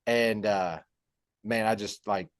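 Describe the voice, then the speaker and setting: A young man telling a personal story in a halting, heartfelt way, with many fillers and restarts. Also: lowish voice, fairly even intonation, clean tone. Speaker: podcast guest. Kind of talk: personal story in casual conversation.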